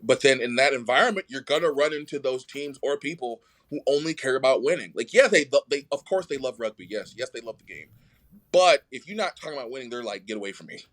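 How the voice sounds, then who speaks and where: A man's voice: medium pitch, fast talker. A man telling a story in casual conversation as a podcast guest, acting out the voices of people he quotes. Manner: animated, acts out quoted voices.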